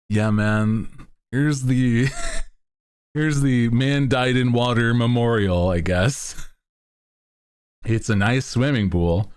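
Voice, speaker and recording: A man's voice: fairly low pitch, slow, long pauses, clear, resonant tone. A man streaming, chatting casually to his chat in a laid-back, rambling way with lots of fillers. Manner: bursts into loud laughter.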